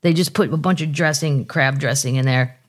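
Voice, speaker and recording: A woman with a lowish voice hosts a casual comedy podcast. She reads news items aloud and keeps breaking off into jokey asides. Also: moderate pace. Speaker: podcast host.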